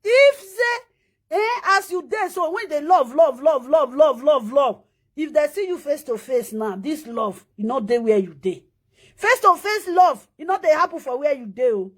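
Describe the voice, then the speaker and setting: A woman's voice: high-pitched, expressive, moderate pace, a bit bright. A middle-aged woman speaking Nigerian Pidgin, hosting a casual livestream and playfully chanting and scolding her viewers. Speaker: livestream host.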